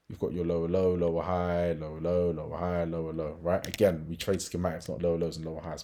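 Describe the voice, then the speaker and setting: A man's voice: sits low, darkish tone. A man giving a casual market analysis walkthrough as a trading educator, chatty, with frequent tag questions and fillers.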